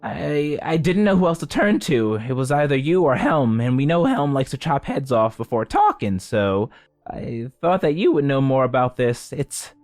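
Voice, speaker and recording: A man voicing a jittery, high-strung male guard who stammers when flustered. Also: sing-song, moderate pace, a little mellow, no echo, studio quality, natural voice. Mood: anxious.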